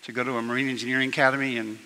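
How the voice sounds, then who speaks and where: A man speaks at his older brother's memorial in a church hall, stumbling through personal stories with lots of fillers and restarts. His delivery is flat, his mid-range voice bright and forceful, and a Southern US accent slips through. Long reverb from the big hall surrounds him.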